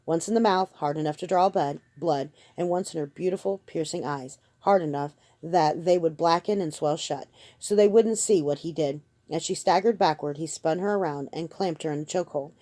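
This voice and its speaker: A woman narrating a novel as an audiobook reader, in a steady, measured way. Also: deep voice, no room sound. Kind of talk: audiobook reading.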